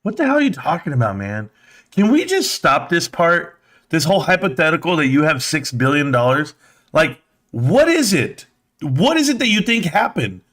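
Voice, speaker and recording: Brief: male host, slightly higher voice, blunt and mocking, swears freely while reacting. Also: very animated, moderate pace, fairly bright tone. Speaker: live stream host. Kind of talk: reaction commentary.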